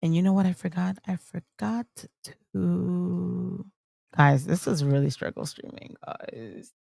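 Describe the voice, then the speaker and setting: A woman livestreamer talks bluntly and dismissively, full of fillers and restarts. Her voice is gravelly and creaky. The sound is dry and close, with no room echo. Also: fairly low pitch, steady tone, takes it slowly, dark tone. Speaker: streamer. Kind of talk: casual livestream commentary. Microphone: streaming mic on camera.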